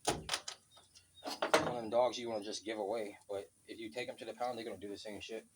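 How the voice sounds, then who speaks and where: Amid very noisy surroundings by a road, this man speaks at normal speed in a lowish, steady voice. His casual vlog rant is blunt storytelling laced with heavy swearing.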